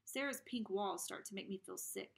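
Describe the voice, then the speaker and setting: A woman reading a novel aloud, narrating in the first person in an expressive, dramatic way. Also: mid-range voice, normal speed, vocal fry. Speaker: reader.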